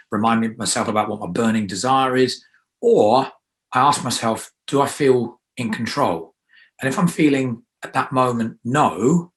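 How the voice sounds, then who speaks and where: Energetic male coach, emphatic, mid-pitched voice, leads call-and-response affirmations. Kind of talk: guided affirmation exercise.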